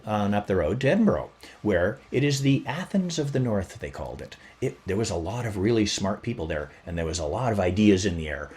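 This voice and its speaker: A man hosting a podcast, telling a history story in a casual, chatty way and playing it up for fun. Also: on the low side. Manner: animated, chatty, plays up the story. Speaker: podcast host.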